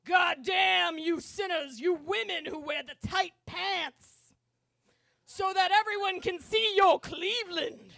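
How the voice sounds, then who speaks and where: A woman voicing a male subway preacher who shouts slow, drawn-out damnations at sinners. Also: very high-pitched, gravelly, dry recording, clean studio sound, voice pushed up, heavily acted. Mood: thundering.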